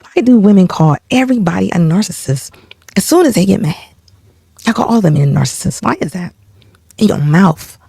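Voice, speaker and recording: A woman's voice: mid-range voice, lively intonation, fairly quick, creaky, dark tone, slightly rough, no room sound. A woman hosting a reaction video, cutting in with sarcastic, scolding asides. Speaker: reaction channel host. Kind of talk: reaction commentary.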